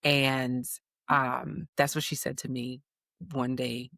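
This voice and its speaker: A woman speaks slowly in a very deep, level voice that is bright and forceful, with vocal fry. Born in the United States and in her thirties, she's a guest in a conversational interview, sharing family stories and voicing her kids, all in clean studio sound without echo.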